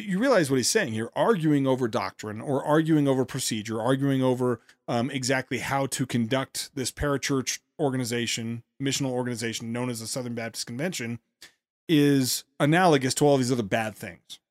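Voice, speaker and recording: A man hosting a podcast, giving sarcastic commentary on a played speech with quick asides and restarts. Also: medium pitch, dry recording, studio quality. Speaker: podcast host.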